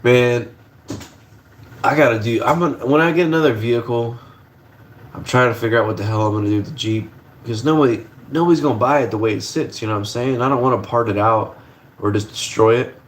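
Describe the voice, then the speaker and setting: A man's voice: mid-range voice, fairly quick, a little hiss or hum. A young man hosting a casual livestream from his kitchen at the stove, rambling in a laid-back way and swearing casually. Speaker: livestream host.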